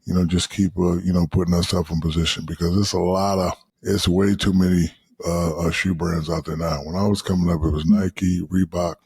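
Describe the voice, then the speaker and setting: A man in his fifties, a podcast guest, telling animated, profane stories full of quoted asides. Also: sits low, brisk, few pauses, breathy edge, dry recording. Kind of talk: casual storytelling.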